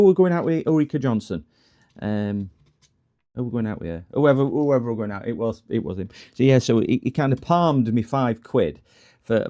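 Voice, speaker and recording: A man's voice: medium pitch, warm tone. A man chatting casually to his stream while he works on repairs, telling rambling stories with lots of restarts and laughs. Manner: rambling, stop-start storytelling with frequent laughs and restarts. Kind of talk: casual chat while working. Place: workbench at home.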